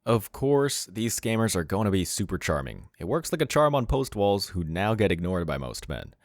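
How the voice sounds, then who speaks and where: A man's voice: on the low side, very animated, normal speed, no echo, clean studio sound. A man reading scripted commentary in a mocking, derisive manner. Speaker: channel commentator.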